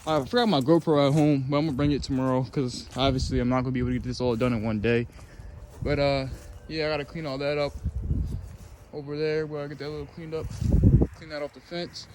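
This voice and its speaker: A man's voice: mid-range voice, fairly even intonation, fast, darkish tone. A man walking through a backyard job he is vlogging, talking loosely with lots of fillers, a little out of breath. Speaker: landscaping business owner vlogging a job. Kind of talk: casual vlog walkthrough. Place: outdoor backyard. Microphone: phone camera. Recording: noisy outdoor phone recording.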